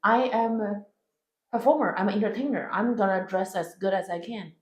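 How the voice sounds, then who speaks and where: A woman's voice: medium pitch, brisk, a little mellow, reverberant, rough recording. A woman comedian whose first language is Chinese, speaking with a Chinese accent and answering interview questions bluntly and emphatically. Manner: blunt and emphatic, swears freely.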